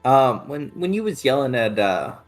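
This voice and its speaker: A man playing a tabletop game in character, speaking hesitantly in a folksy, halting way. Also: medium pitch, sing-song, faint music behind. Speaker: player. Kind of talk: in-character tabletop role-play.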